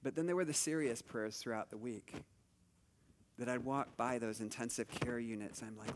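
A man's voice: mid-range voice, normal speed, in a large hall, background noise. A middle-aged man preaching a conversational sermon, telling stories with lots of asides and restarts. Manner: chatty storytelling, many asides and restarts. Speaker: pastor.

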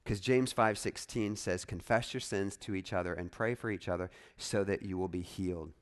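A man preaching a sermon as a pastor, in an animated, conversational way with frequent asides to the congregation. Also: sits low, moderate pace.

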